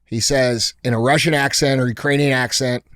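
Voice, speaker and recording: A man's voice: medium pitch, steady tone, a little fast, a bit bright. A man hosting a podcast, telling a story in a blunt, profane, casual way. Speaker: podcast host. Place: podcast studio.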